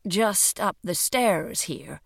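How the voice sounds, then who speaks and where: Uneasy stiff man voiced by a female narrator, robotic flat delivery, slow, dry close audiobook sound. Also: lowish voice, gravelly, no echo, full character voice. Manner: slow, quiet, mechanically level delivery. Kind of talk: audiobook reading.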